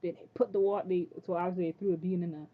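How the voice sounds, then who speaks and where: An excitable woman chats through a TV episode recap, gushing and talking in quick loose bursts. Her voice sits a little low, and the sound is thin and tinny as if through a phone line. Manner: chatty, excitable, says "freaking" often. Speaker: TV episode reviewer. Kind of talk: casual recap chat.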